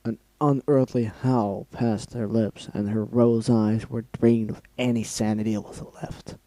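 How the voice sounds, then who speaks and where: A man's voice: fairly low pitch, little pitch movement, measured pace, mellow, no echo, rough recording. A man reading a fan-fiction story aloud, stopping now and then to react with feeling. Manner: reads aloud, breaks off to react emotionally and swear. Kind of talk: dramatic reading with asides.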